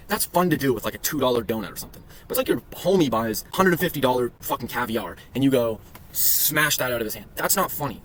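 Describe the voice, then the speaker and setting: A man rattles through his trading charts at a quick clip, cracking crude jokes and swearing freely. His voice sits at an ordinary middle pitch, with a faint hiss in the background. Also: a bit bright. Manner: crude joking, profane, rambling asides. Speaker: day trading vlogger. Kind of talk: casual screen-share commentary.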